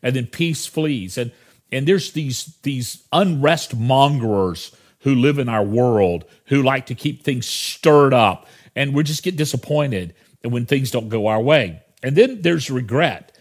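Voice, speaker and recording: A man's voice: medium pitch, animated, unhurried. Man preaching a casual, conversational sermon. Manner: conversational preaching with asides and restarts. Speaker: pastor.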